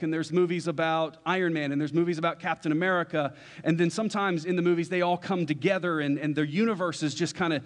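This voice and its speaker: A young man, a pastor, telling a casual story in a sermon and acting out the dialogue in it. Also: fairly high pitch. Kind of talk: sermon illustration. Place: church sanctuary. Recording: long hall reverb.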